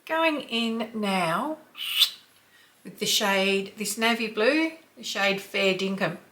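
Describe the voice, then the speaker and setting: An Australian woman in her fifties chatting through a makeup tutorial, sometimes dropping to a soft whisper while she blends. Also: mid-range voice, animated, takes it slowly. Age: 50s. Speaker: beauty vlogger.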